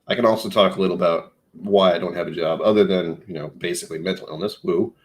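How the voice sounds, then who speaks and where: A man with a low voice hosts a casual livestream. He rambles from topic to topic, pokes fun at himself and keeps the talk loose and jokey. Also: steady tone, fast talker. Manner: rambling, self-mocking, jokey. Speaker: live streamer.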